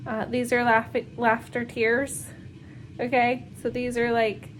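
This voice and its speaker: A woman's voice: fairly high pitch, little pitch movement, measured pace, a little hiss or hum, rough recording. A woman in her thirties, a homeschooling mother, rambling casually with many fillers and nervous laughs while doing laundry at home. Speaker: homeschooling mom vlogger. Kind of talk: casual vlog chat.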